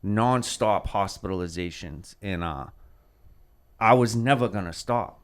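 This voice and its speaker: A man's voice: lowish voice, a little slow, smooth. A man in his thirties, a podcast host, telling a rambling heartfelt story in casual chat and swearing freely.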